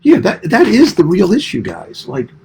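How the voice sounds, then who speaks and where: A middle-aged man giving emphatic, rapid-fire opinions as a guest commentator on a radio phone-in. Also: high-pitched, huge pitch swings, creaky, a little mellow, slight background noise.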